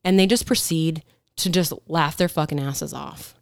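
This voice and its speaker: A woman police officer telling stories in casual podcast chat, animated, acting out quotes and swearing freely. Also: sits low, moderate pace, vocal fry, no echo, studio quality.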